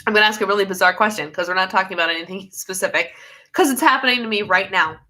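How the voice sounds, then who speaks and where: Chatty bright-voiced Midwestern woman livestreaming. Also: mid-range voice, very fast. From United States. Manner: chatty, rambling, laughs mid-sentence. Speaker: livestream host reading viewer comments. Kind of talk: casual live chat.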